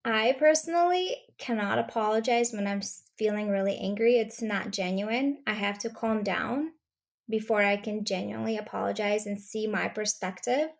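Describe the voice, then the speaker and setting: A woman guest on a podcast interview, an anger coach speaking in an earnest, reassuring, measured way. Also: mid-range voice, vocal fry.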